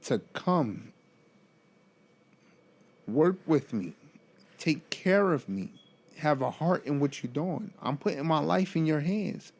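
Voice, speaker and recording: A man with a gravelly, fry-edged voice tells a story in a loose vlog style. He is animated and profane, laughs often, and keeps breaking into incredulous exclamations. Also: fairly high pitch, slow pace, long pauses. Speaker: motivational speaker.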